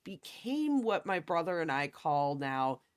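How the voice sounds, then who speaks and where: Halting host voice in a dry room. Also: mid-range voice, sing-song, smooth, dry recording. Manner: thoughtful, halting, with many restarts. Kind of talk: casual chat.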